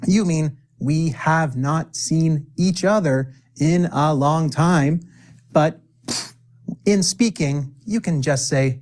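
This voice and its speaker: A man with a slightly high, darkish voice teaches spoken English, drilling phrases for the viewer to repeat. He leaves deliberate pauses and drops in playful asides.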